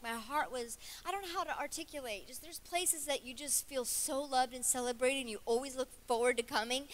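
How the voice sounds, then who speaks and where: A middle-aged woman guest preacher telling a personal story in a chatty, animated sermon to a church conference crowd. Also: high voice. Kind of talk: conversational sermon.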